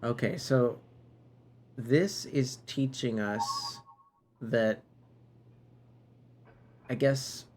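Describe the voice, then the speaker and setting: Guy streaming a game live, slow and chill, playful with chat, faint hiss in the background. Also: medium pitch, darkish tone. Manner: playful, musing aloud, chatting with viewers.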